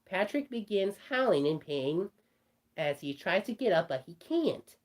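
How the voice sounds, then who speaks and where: In a mid-range, sing-song voice that moves a little slowly, a performer speaks as a cartoon rabbit telling a creepy story. The in-character tale rambles and keeps stumbling into restarts.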